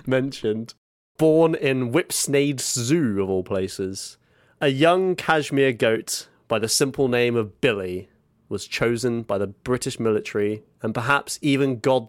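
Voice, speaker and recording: A man's voice: mid-range voice, no room sound, studio quality. Mock-grand storytelling podcast man. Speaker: co-host. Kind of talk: comic podcast chat.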